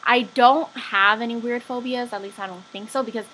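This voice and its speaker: A woman's voice: on the high side, fairly even intonation, moderate pace, fairly bright tone, a little hiss or hum. A young woman vlogging in a chatty, offhand way, full of fillers and asides. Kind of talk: casual chat.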